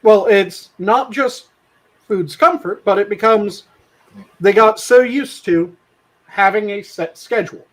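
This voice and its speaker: A man's voice: sits high, slow, a bit bright, poor audio. A man co-hosting a podcast in casual chat, blunt and profane, explaining things at length. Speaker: podcast co-host.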